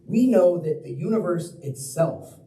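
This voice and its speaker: Young guy giving a chill storytelling talk, mellow voice, sounds kinda far off in a big roomy hall. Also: fairly high pitch, animated, a little slow. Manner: casual, conversational storytelling. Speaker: guest speaker. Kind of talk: public talk. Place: planetarium lecture hall. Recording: roomy hall, mic at a distance.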